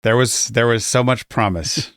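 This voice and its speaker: A man's voice: medium pitch, moderate pace, background noise. A man co-hosting a casual podcast, laughing easily and steering the chat toward the next caller. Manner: laughs easily, plays the moderator. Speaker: podcast co-host.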